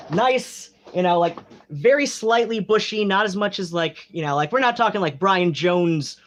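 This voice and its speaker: Streaming from home, this American man uses a put-on mid-Atlantic accent full of stretched vowels and theatrical flourish, his voice on the high side. He rambles casually in a campy, gossipy, leisurely way, sprinkling "like" and "you know" through each sentence.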